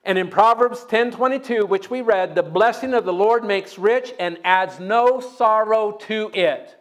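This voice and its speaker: A man's voice: high voice, a little slow. A man preaching a sermon in a church, telling stories and leading the congregation in call-and-response. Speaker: guest preacher. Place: church sanctuary.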